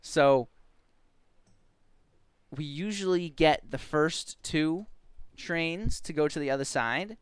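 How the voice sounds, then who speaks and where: A man chats with friends on a stream and tells a funny story. His voice is smooth and clear, recorded dry and close. When he quotes people he jumps up high and gets excited. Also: slow pace, pauses often, dry recording. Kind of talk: casual storytelling chat.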